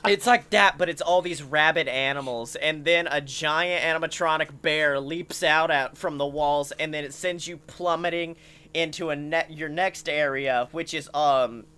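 A comedian telling a rambling comic story, animated, full of "like" and swearing. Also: medium pitch, moderate pace, smooth. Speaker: podcast comedian.

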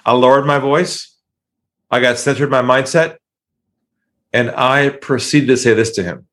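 A man tells a sales story in an interview. He acts out the people on the phone call and drops his voice low and slow to make his point. He has a mid-pitched voice. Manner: animated, acts out calls in excited voices. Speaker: sales trainer guest.

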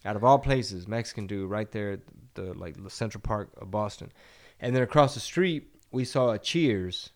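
A man's voice: fairly low pitch, lively intonation, normal speed. Laid-back storytelling man from Texas. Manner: laid-back storyteller, acts out voices in anecdotes. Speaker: podcast co-host and comedian. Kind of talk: casual podcast chat.

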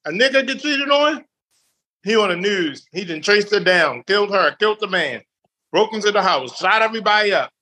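A man's voice: sits high, brisk. A man chatting casually as a podcast guest, acting out quoted lines with lots of energy. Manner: animated, acts out quotes. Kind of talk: casual chat.

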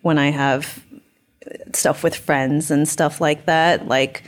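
A woman's voice: low voice, fairly even intonation, slow pace. A young woman telling a personal story candidly in a casual podcast chat, acting out quoted dialogue.

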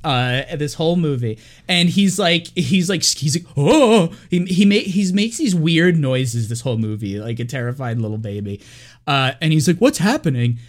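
A man's voice: fairly high pitch, animated, normal speed. A man co-hosting a casual movie podcast, rambling with lots of fillers and now and then putting on mocking voices for the characters. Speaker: podcast co-host.

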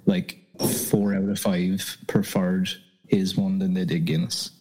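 A man's voice: low-pitched, little pitch movement, a little slow, dark tone, husky, low-quality recording. A man with an Irish accent chatting casually on a podcast in his plain everyday way. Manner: unpolished, everyday speech, no toning down. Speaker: podcast co-host. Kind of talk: casual chat.

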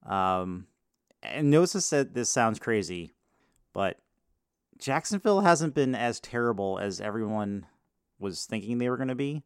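A man's voice: fairly low pitch, expressive, unhurried, clear, resonant tone, no room sound, clean studio sound. A man co-hosting a casual sports podcast, laid-back, giving short reactions and laughing often. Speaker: podcast co-host.

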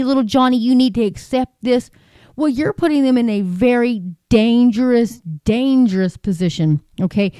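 A woman rants heatedly to her viewers and keeps firing rhetorical questions. Her voice sits a little high but sounds mellow. It is recorded dry and close, with no room sound. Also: no room sound. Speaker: commentator. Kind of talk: angry political rant to camera.

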